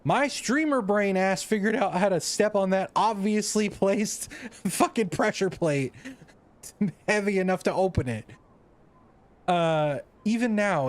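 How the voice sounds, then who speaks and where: This American man has a high-pitched, expressive voice and talks slowly. Streaming a video game, he chats casually in a laid-back, somewhat profane way and reads in-game lore aloud.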